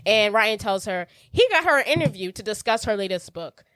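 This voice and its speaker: Expressive woman with a lively voice. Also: medium pitch, fairly quick, dry recording. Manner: expressive, chiming in with jokes and reactions. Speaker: podcast co-host. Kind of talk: casual chat recapping a movie.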